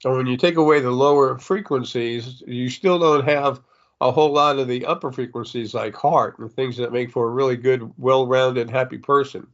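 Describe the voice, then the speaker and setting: An older man speaks as a psychic medium in a meandering spiritual monologue, stopping and restarting often with many fillers. He sniffles as he talks, and his voice sits at an average pitch for a man. The recording is dull and lo-fi. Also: fairly even intonation, normal speed.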